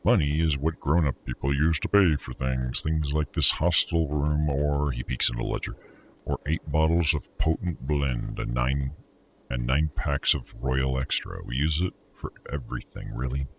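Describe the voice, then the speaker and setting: A man doing a gruff, fed-up innkeeper. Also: rumbling low, normal speed, a little hiss or hum. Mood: lecturing. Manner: exasperated, counting out a bill. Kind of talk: reading game dialogue aloud.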